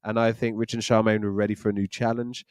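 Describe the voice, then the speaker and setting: A man's voice: fairly low pitch, level tone, fast, a little mellow, clean tone, no room sound, studio quality. Jokey man hosting a church livestream. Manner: jokey, chatty, laughs often. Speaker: church leader and co-host. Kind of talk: live online Q&A chat.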